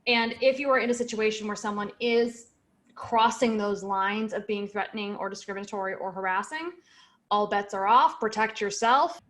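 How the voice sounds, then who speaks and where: A woman's voice: mid-range voice, fairly even intonation, normal speed, fairly bright tone. A woman co-hosting a sales podcast, giving direct and emphatic advice in a casual chat. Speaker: podcast co-host.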